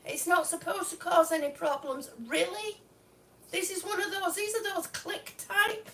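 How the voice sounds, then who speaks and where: Really high-pitched woman on a live stream, slow-talking, fed up and sarcastic. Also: steady tone, fairly bright tone, a little hiss or hum. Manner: exasperated, sarcastic, swears. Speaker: vlogger. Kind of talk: live-stream product complaint. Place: home, indoors.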